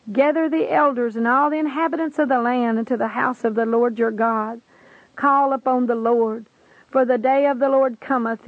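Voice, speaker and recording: Gravelly woman reading a solemn vision. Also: a little high, no echo. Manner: grave, preaching cadence. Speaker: reader of a religious vision account. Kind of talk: solemn religious narration. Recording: dry, tinny phone-like sound.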